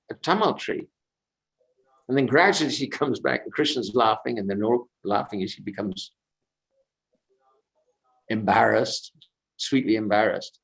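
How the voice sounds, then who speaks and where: A man speaks in a mid-range voice, telling devotional stories at a sacred lake on a pilgrimage walk. His delivery is unhurried and reflective. He drifts easily between personal anecdote and quiet commentary. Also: medium pitch, rough recording. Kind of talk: devotional storytelling talk.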